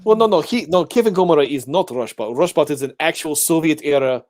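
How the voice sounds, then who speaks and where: A man co-hosting a casual livestream chat, talking in an animated, playful way and slipping into silly voices. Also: on the high side, brisk, dry recording, studio quality. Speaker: co-host.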